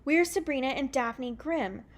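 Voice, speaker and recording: A woman's voice: sits high, unhurried, voice pushed up. A woman reading aloud and voicing a bold older girl who speaks firmly and directly.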